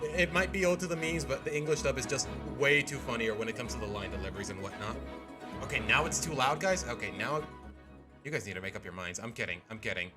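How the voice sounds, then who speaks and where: Man streamer at medium pitch, casual rambling chat over soft background music. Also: fast. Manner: rambling, keeps saying "you know what".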